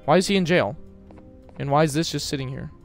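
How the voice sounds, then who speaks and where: A young man streaming a horror game live, chatting with his viewers and yelling whenever he gets scared. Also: a little high, a little fast, faint music behind. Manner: loud, jumpy, yelling at scares, chatting to chat.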